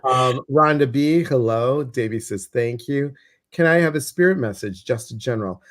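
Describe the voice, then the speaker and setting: A man with a Chicago accent, co-hosting a casual livestream, reading viewer comments in a chatty, animated way that repeats phrases for emphasis. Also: medium pitch, normal speed. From Chicago, US Midwest.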